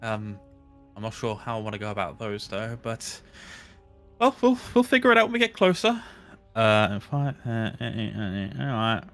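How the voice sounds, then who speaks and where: A man playing a character in a tabletop game, talking in a lively, hesitant way with some in-character lines. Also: lowish voice, moderate pace, soft background music. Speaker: player.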